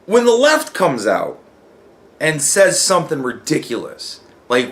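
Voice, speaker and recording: A man's voice: fairly high pitch, sing-song, a little slow, fairly bright tone. A man hosting a podcast who talks in a casual, profane monologue and acts out other people's replies. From United States. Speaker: podcast host.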